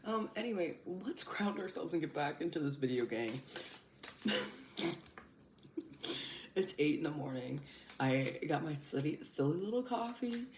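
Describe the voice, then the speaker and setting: A woman's voice: low-pitched, measured pace, pauses often. A young woman hosting a casual tarot reading, chatty and laughing often, with casual swearing. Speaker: tarot reader and channel host. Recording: echoey room with loud background noise.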